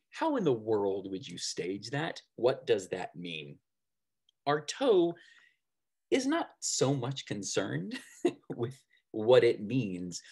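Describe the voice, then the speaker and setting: A man lecturing on theater in a conversational way, often checking in with "right?" and pausing on fillers. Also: medium pitch, darkish tone.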